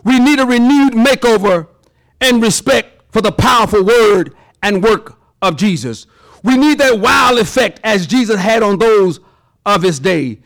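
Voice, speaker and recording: Male pastor, high voice, very animated delivery, folksy sermon. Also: unhurried, vocal fry. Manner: lively preacher acting out voices, folksy examples.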